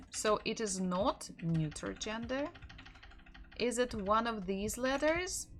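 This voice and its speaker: A woman with a Russian accent teaching an online language lesson, patiently repeating each word several times. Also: mid-range voice.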